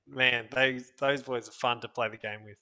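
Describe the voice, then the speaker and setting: A man talking as a guest on a casual podcast, relaxed and laughing, animated when telling stories. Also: medium pitch, moderate pace.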